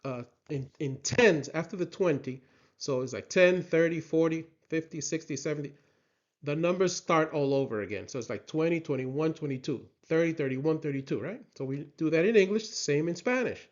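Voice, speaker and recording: A man's voice: on the high side, animated. A man teaching a lesson, drilling words for the listener to repeat and checking in with "right?". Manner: slow, patient drilling with frequent "right?" checks. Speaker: Spanish teacher. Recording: slightly dull lo-fi sound.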